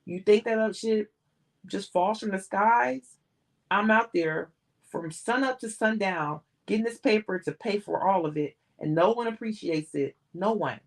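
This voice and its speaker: A big, self-pitying mogul who snaps back when pushed, read by a woman narrating a novel. He moans and complains. His voice sits a little lower and more resentful than the reader's own. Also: unhurried, natural voice. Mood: indignant. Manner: moaning and snapping.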